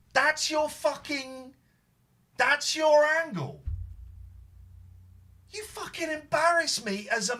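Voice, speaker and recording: A man's voice: very high voice, sharp tone. A man hosting a phone-in show from home, ranting furiously, swearing and repeating himself. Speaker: host. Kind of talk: live phone-in show, angry rant.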